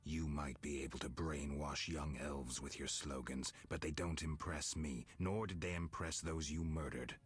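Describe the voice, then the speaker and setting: An actor voicing a gruff, weary male monster hunter in a video game, speaking in a flat, dry, unimpressed way. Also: moderate pace, hardly any pauses. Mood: contemptuous. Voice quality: very deep, husky. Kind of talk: game voice acting.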